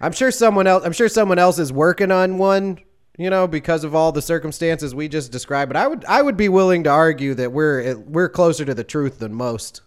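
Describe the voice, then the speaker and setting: A man's voice: fairly high pitch, animated, brisk, clean tone. A man co-hosting a casual comedic podcast, talking in a dry, mock-serious way and laughing often. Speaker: podcast co-host.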